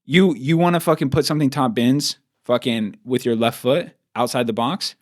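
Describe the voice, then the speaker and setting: Blunt, swearing man ranting on a podcast. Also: mid-range voice. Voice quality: blunt, profane and emphatic. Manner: fast rants with repeated "like". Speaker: podcast co-host. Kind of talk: casual podcast chat.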